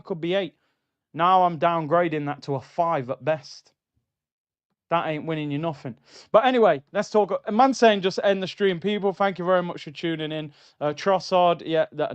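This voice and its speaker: A man hosting a casual fan livestream, animated and full of banter, repeating his phrases. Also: fairly high pitch, clear, resonant tone. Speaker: livestream host. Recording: slightly dull lo-fi sound.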